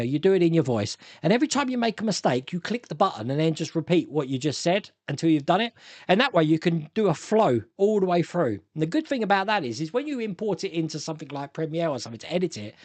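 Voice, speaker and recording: A man's voice: a little high, a little mellow, no room sound. A middle-aged man hosting a casual live stream, chatting, laughing often, and reading viewer comments aloud. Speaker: host.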